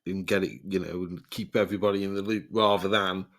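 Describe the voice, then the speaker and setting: Steady and fairly quick, this man's low, fairly bright voice carries a podcast host's casual storytelling. His tales ramble, he swears a lot, and laughter breaks into his sentences.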